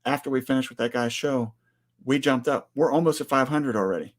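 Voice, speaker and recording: A man's voice: mid-range voice, a little fast. A man in his forties co-hosting a casual livestream, speaking earnestly and greeting viewers by name. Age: 40s. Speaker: livestream co-host.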